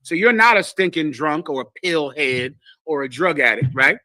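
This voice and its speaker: A man's voice: fairly high pitch, animated, moderate pace, bright, forceful tone, dry recording. A man teaching scripture to a group, lecturing emphatically and acting out the voices he quotes. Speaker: religious teacher.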